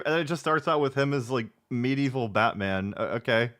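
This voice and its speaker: A man reacting to a music video in casual commentary. He is sarcastic and swears, and his voice is strained from clearing his throat. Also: mid-range voice, brisk, hardly any pauses, a bit bright. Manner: sarcastic, swears, mutters asides. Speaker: reaction streamer.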